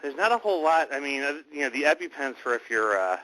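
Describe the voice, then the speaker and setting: A man hosting a casual online radio chat, talking in a halting, rambling way with many restarts. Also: a little high, very animated, bright, forceful tone, poor audio. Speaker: host.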